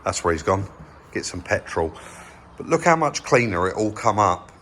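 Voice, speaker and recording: This time the man's lowish voice swings widely in pitch, moving at a moderate pace with a fairly bright tone. He's a vehicle repair channel host from England, chatting casually in his indoor workshop as he points out details.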